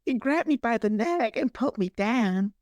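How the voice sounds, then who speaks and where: A man putting on the voice of a frightened young woman survivor in an exaggerated high falsetto, in a podcast bit. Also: animated, moderate pace, no room sound. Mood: panicked.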